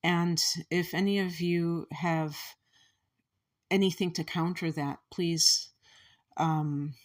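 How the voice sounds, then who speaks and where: A woman's voice: fairly low pitch, fairly even intonation, slow. A woman from the Chicago area with a Chicago accent, giving a casual astrology commentary in a meandering, musing way that often restarts thoughts. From Chicago area, USA.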